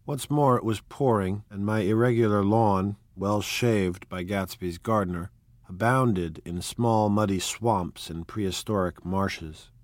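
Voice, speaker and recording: A man narrating an audiobook in a measured, even, unhurried reading. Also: on the low side, no echo. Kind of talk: scripted narration.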